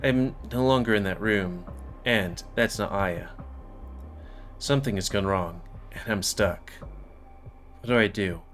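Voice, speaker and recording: A man's voice: lowish voice, unhurried, long pauses, a bit bright, soft background music. A man reading a visual novel aloud in the first person, with offhand asides to viewers. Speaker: let's player.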